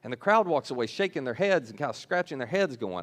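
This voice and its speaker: A man's voice: medium pitch, very animated, quick pace. A man preaching a sermon as a church pastor, telling the scripture story in a casual, conversational way. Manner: storytelling, retells scripture in casual modern paraphrase.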